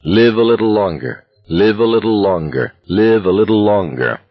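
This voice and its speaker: A man's voice: lowish voice, expressive, moderate pace, dry recording, lo-fi sound. A man voicing a young male marcher, giddy, breathless and desperate. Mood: grim.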